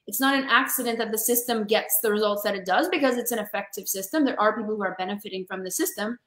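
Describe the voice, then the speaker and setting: A woman sales coach for women talks quickly in a mid-range, slightly bright voice as a guest on a video-call interview. The echoey room carries her passionate, emphatic motivational delivery, in which she calls listeners "honey."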